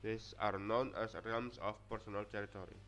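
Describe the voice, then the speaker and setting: A man's voice: on the low side, level tone, a little fast, a bit bright. A young man with an Indonesian accent, whose first language is Indonesian, giving a student class presentation and reading from notes with frequent restarts and stumbles. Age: young adult. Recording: dull lo-fi audio.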